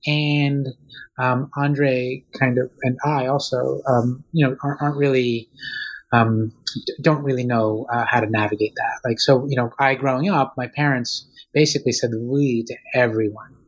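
A man's voice: medium pitch, fairly even intonation, normal speed, low-quality recording. A man in his thirties, an author being interviewed, talking casually and hesitantly with many ums and restarts. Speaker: author guest.

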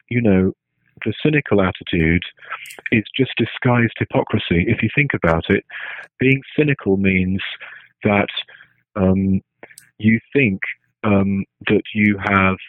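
A man speaks slowly with frequent pauses in a fairly low voice, working through his ideas out loud in a lecture-style talk. He restarts often and tacks "right?" onto his points, and the sound is dry and tinny, phone-like, with no room sound.

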